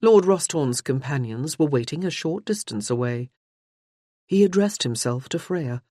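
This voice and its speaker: Expressive woman narrating an audiobook. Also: low-pitched, normal speed, no room sound, clean studio sound. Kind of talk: scripted narration.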